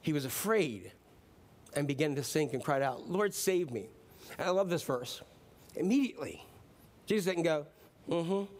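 Male pastor, high voice, casual sermon, playful storytelling. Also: lively intonation, normal speed, pauses often.

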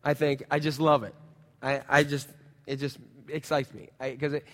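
A middle-aged man preaching a sermon as pastor, telling personal stories in a lively way with sound effects. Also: medium pitch, normal speed, big-room sound.

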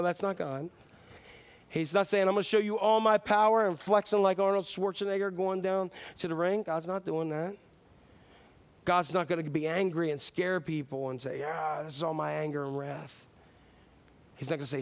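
Casting: male pastor, high voice, chatty animated sermon delivery. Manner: conversational, animated preaching with acted-out quotes.

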